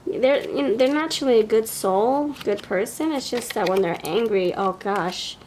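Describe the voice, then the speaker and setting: This tarot reader, a woman with a New York accent, runs a pick-a-card reading while chatting and musing aloud. Her fairly high, darkish voice moves at a normal speed with hardly any pauses, over slight background noise.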